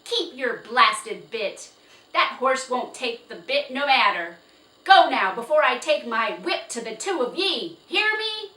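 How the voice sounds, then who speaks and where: A woman voicing an angry, gruff old man who shouts and snarls threats at a horse and children. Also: mid-range voice, very animated, unhurried, few pauses, exaggerated voice. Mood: raging. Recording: roomy, distant, faint hiss.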